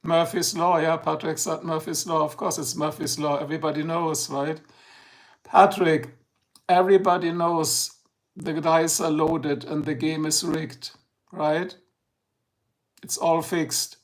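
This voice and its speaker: A man's voice: on the high side, little pitch movement, a little slow. A middle-aged man with a German accent, a native German speaker, hosting a casual livestream and chatting with viewers in a rambling, joking way. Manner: rambling, joking, addresses chat by name. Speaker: livestream host.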